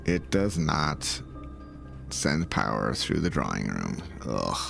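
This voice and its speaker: A man thinking aloud and talking to his viewers in let's-play commentary, moving from calm planning to loud outcries. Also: very deep voice, takes it slowly, gravelly, soft background music. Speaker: gaming video creator.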